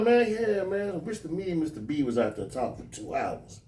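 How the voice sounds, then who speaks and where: A man's voice: a little fast, distant mic. A man casually telling stories on a podcast, acting out the people he quotes. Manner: animated storyteller, jumps high to act out quoted voices. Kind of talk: casual storytelling chat. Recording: roomy echo, speaking from off the mic.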